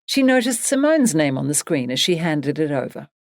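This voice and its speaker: A woman narrating an audiobook in a measured, expressive reading. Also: deep voice, creaky, no room sound, studio quality. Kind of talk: scripted narration.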